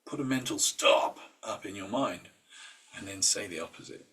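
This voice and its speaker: A husky man with a fairly low voice leads an informal mindset workshop. He talks with fillers and restarts and slips into quoted inner voices. The mic picks him up from some distance. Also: normal speed, pushed and bright. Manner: conversational, with filler words and restarts. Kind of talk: informal talk.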